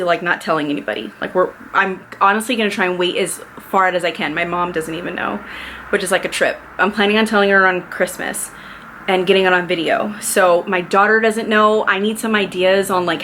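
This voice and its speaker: A woman's voice: medium pitch, a bit bright, slight background noise, poor audio. A woman in her thirties giving a casual pregnancy update vlog, chatty and candid, full of fillers and a little anxious. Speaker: vlogger.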